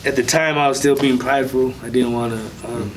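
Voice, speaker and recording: A man speaking as an interview guest, telling a personal testimony in a soft, halting way with many pauses. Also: medium pitch, fairly even intonation, far from the mic, a little hiss or hum, rough recording.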